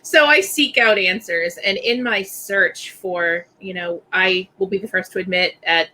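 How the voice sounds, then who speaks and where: A woman's voice: mid-range voice, measured pace, sharp tone, poor audio. A woman in her forties hosting a candid, casual conversation, often laughing and restarting mid-thought. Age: 40s. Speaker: host.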